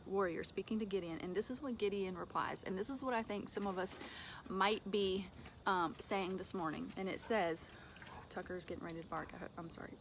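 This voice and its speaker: A woman giving an informal devotional talk from home, conversational, with fillers and soft laughs. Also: mid-range voice, brisk, a little hiss or hum. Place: home with a dog nearby.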